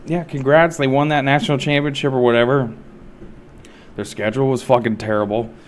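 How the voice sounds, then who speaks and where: A man's voice: medium pitch, steady tone, a little fast, a little hiss or hum. A man streaming a game and chatting casually, rambling and swearing freely. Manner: rambling, profane, laid-back. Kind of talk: casual chat while gaming.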